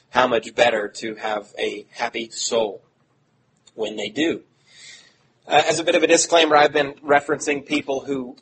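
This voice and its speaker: A middle-aged man preaching a sermon in an earnest, conversational way, with self-deprecating asides. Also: medium pitch. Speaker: pastor. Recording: audible background noise.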